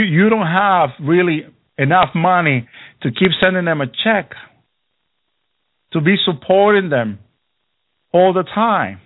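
Preacher guy, kinda high voice, keeps repeating stuff and saying hallelujah, tinny phone-line sound. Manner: exhorting, repetitive, punctuated by hallelujahs. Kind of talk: sermon. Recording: thin phone-like radio sound.

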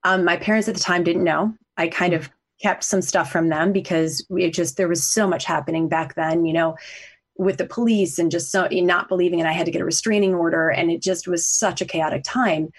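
A middle-aged woman with a low, husky voice shares a painful personal story. She speaks earnestly and from the heart, her voice sometimes close to tears as she talks it through. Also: fairly even intonation, fairly quick. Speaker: podcast guest, coach and author.

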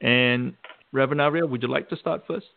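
A man's voice: mid-range voice, fairly even intonation, brisk, vocal fry. A man hosting an interview, encouraging and affirming his guests. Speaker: host. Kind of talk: interview host. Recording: phone line.

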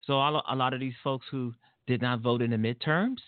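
A man's voice: medium pitch, a little fast, smooth, no room sound. Indignant man ranting on a phone line. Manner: indignant, rambling, with restarts. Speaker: radio show host. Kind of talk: opinionated radio monologue. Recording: tinny dry phone-line audio.

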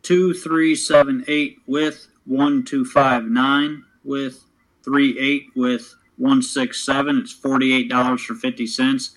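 A man's voice: mid-range voice, level tone, slow, a bit bright, low-quality recording. A man reading out his horse racing picks in a brief, matter-of-fact way on a casual show. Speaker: racing handicapper.

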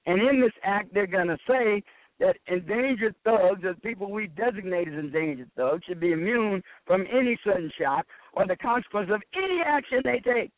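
A man calling in to a radio talk show as a regular, speaking sarcastically after a few halting starts. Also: sits high, expressive, no room sound. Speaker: regular caller. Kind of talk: call-in radio commentary. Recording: dry, tinny phone line.

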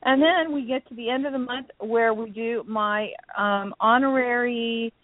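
Woman radio host, kinda high voice, chatty, lots of ums, sounds like a phone line. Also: a little slow, no room sound. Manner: chatty, lists upcoming guests with many fillers. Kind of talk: casual radio chat. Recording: narrow phone-like line, dry.

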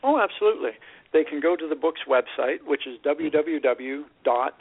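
A man from Canada, a guest author explaining personal finance clearly on a radio show. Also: a little high, expressive, normal speed. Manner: articulate, explanatory. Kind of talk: radio interview. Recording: tinny phone-like radio audio.

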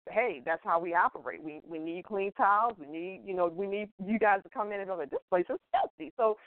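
A woman's voice: medium pitch, dry recording. A middle-aged woman hosting a casual interview show, chatty and emotional, rambling and laughing often. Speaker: show host and salon owner. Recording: tinny phone-line call audio.

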